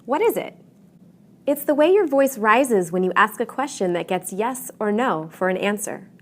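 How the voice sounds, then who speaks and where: A woman, giving a scripted English pronunciation lesson with clear, deliberate emphasis. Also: mid-range voice, animated. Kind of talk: scripted instructional narration.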